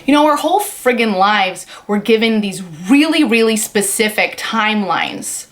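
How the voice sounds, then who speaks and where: A woman's voice: mid-range voice, animated, moderate pace. A woman vlogger answering a viewer's question in a casual, upbeat way, joking and swearing freely. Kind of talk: casual vlog chat.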